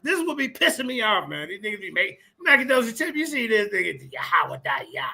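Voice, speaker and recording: Male stream host, high and sharp-toned, profane and mocking, stammers as he rants. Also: very animated, quick pace, creaky. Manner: loud, profane, stammers and repeats himself. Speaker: livestream host. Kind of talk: mocking casual commentary.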